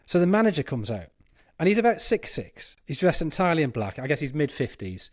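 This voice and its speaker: Animated man telling a story. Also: on the high side, a little fast, no room sound, clean studio sound. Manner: animated, laughing as he tells a story. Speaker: football podcast panelist. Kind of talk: anecdotal storytelling.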